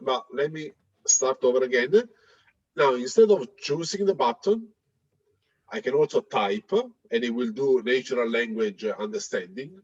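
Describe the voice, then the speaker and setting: A man presenting a live software demo, talking in a hesitant way with many fillers and restarts. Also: mid-range voice, lively intonation, unhurried, slightly rough, dry recording, muffled recording. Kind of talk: live tech demo talk.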